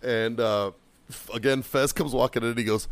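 A man's voice: mid-range voice, steady tone, moderate pace. Profane storytelling man with frequent laughs. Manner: profane, laughs often, acts out quoted people. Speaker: podcast co-host telling a story.

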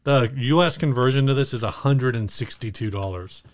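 A man's voice: mid-range voice, normal speed. A man co-hosting a podcast in casual chat, easygoing and teasing. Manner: easygoing, teasing, reads sponsor spots. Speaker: podcast co-host.

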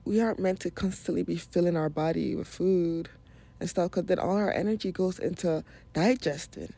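A woman's voice: lowish voice, moderate pace, mellow. A woman from Nigeria hosting a podcast, talking casually and frankly about wellness, swearing freely and often laughing. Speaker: podcast host. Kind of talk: casual spiritual wellness monologue.

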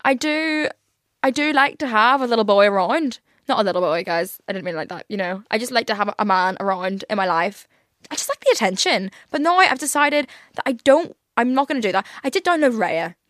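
A woman's voice: medium pitch, animated, a little fast, fairly bright tone, no echo, studio quality. A young woman hosting a casual solo podcast, rambling candidly with plenty of "like" fillers and swearing. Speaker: podcast host.

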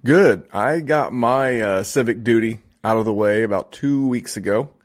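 A chatty man from Indiana opens his fantasy football podcast, joking and restarting his sentences as he goes. His voice sits at a middle pitch. It is recorded close and dry, with no room sound. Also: normal speed, no room sound. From Indiana, USA. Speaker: podcast host. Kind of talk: casual podcast intro.

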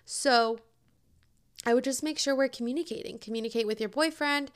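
Fielding listener questions on her podcast, a young host gives casual advice in a bubbly, talkative style, saying "like" and "oh my God" a lot. Her voice is fairly high and moves at normal speed.

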